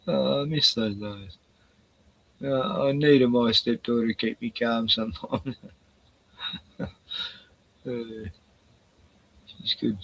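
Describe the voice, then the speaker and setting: A man's voice: mid-range voice, steady tone, slow pace, long pauses, fairly bright tone. An older man rambling casually on his livestream, profane and chuckling as he talks to his chat. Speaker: livestream host.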